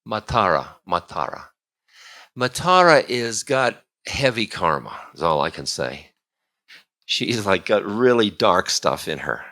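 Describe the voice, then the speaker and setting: Guy telling a bedtime story, chatty, asides to the listeners, lowish bright voice. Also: very animated, unhurried.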